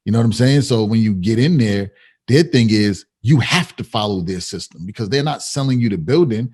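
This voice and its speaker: A man's voice: lowish voice, expressive, brisk, darkish tone, husky. A man co-hosting a podcast, talking emphatically and hammering his points home by repeating them. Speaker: podcast co-host. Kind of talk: casual podcast conversation.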